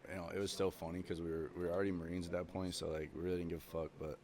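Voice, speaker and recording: Young male podcast guest, low-pitched, loose and profane storyteller. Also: little pitch movement, racing, a little mellow, a little hiss or hum. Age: young adult. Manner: swears constantly, rambling with many fillers. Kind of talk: casual chat.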